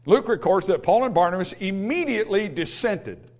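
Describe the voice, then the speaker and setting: A man's voice: high-pitched, animated, moderate pace, darkish tone. A male pastor preaching a sermon in an emphatic, repetitive way, with humorous asides.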